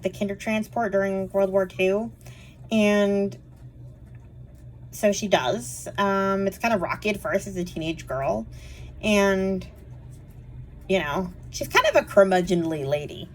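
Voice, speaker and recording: A medium-pitched woman, a book reviewer, chats casually through her monthly reading wrap-up, rambling with plenty of fillers and quick laughs. A little hiss or hum sits under the recording.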